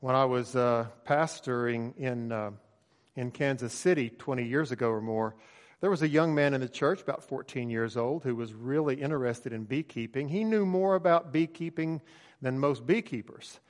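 Pastor, middle-aged man, mid-pitched, folksy sermon storyteller, long hall echo. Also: moderate pace. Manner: relaxed storytelling with frequent fillers.

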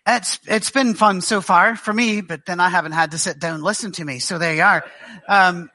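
A middle-aged man from Scotland with a Glaswegian accent, preaching a guest sermon to a church, telling stories with dry humor and halting restarts. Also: high voice, fairly even intonation, pushed and bright. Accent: Glaswegian Scottish.

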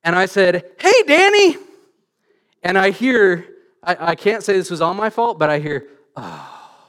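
Casting: middle-aged male pastor, lightly higher voice, lively self-mocking storyteller in church. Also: normal speed, smooth. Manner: animated storytelling, self-deprecating, many restarts. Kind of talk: sermon.

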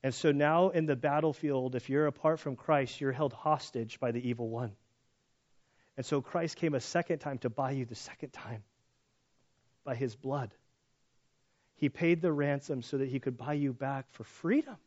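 A man's voice: mid-range voice, normal speed, darkish tone, lo-fi sound. A man teaching through a Bible passage in a casual, conversational way, acting out voices in the story as he goes. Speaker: pastor.

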